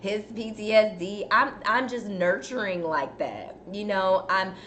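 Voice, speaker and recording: A woman's voice: medium pitch, a little slow, a bit bright. A woman hosting a casual live chat, talking straight to her viewers and fighting a cough from a dry throat. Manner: chatty, addresses viewers as "y'all". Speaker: host. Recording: faint background noise.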